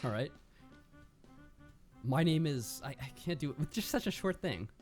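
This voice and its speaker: A man's voice: on the high side, expressive, moderate pace, a little mellow, faint music behind. A man co-hosting a visual novel stream who talks casually and mocks himself sheepishly. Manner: self-deprecating, sheepish. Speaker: co-player. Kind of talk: casual live-stream chat.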